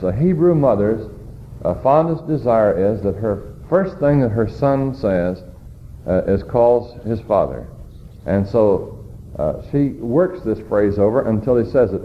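A man preaching a sermon, teaching slowly and deliberately with many "uh" fillers and rhetorical questions to his congregation. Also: fairly low pitch. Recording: dull lo-fi sermon recording with faint noise.

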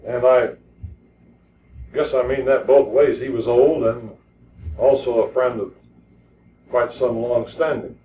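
A man's voice: medium pitch, fairly even intonation, slow pace, pauses often, a little hiss or hum. A man preaching a sermon in an earnest, emphatic way, often repeating words as he presses a point. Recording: distant, echoey, tinny lo-fi recording.

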